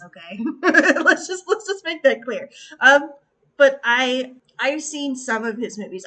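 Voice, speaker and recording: A woman's voice: mid-range voice, sharp tone. A woman with a Valley Girl accent, chatting casually in a rambling way, full of fillers and self-asides. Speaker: artist and video creator. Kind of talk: casual chat.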